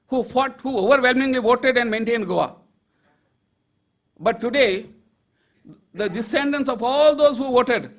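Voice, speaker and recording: High-voiced older man giving a speech. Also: a bit bright. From Goa, India. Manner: emphatic, rhetorical, with wry asides and laughs. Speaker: public speaker. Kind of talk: political speech to an audience.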